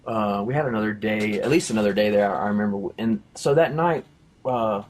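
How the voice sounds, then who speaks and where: A man's voice: lowish voice, brisk, darkish tone. Man telling a rambling testimony. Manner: rambling, lots of fillers, acts out quotes. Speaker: testimony teller. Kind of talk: casual spoken testimony.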